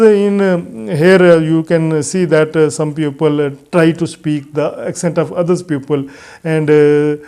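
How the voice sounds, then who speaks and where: Hesitant man with a mellow voice. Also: fairly high pitch, clear, resonant tone. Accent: non-native English. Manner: hesitant, frequent "uh" fillers, earnest advice. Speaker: English teacher. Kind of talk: spoken English lesson to camera.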